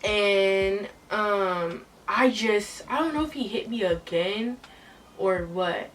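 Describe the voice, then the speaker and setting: A woman's voice: mid-range voice, slow, fairly bright tone, far from the mic. A young woman telling a storytime vlog in a casual, profane, emotional way. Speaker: vlogger. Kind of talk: storytime retelling.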